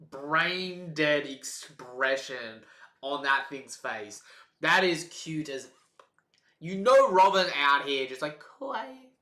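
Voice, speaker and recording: Brief: excitable male streamer, bright voice, slow unhurried delivery, echoey room. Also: a little high. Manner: excitable, swings between loud outbursts and soft mumbling. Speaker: streamer reacting to a comic chapter. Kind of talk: live reaction commentary.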